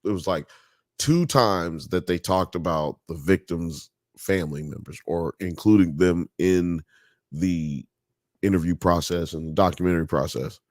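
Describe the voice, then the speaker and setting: A man's voice: deep voice, unhurried, a little mellow, no echo, studio quality. A man hosting a live show, telling a story in casual chat, full of "you know" and "blah blah," and growing emphatic when worked up.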